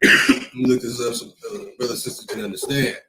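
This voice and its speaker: A man's voice: mid-range voice, steady tone, a little fast, bright, forceful tone, slight background noise, poor audio. A man hosting a casual livestream, talking in a rambling, emphatic way, often repeating himself and reading comments from the chat. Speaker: livestream host.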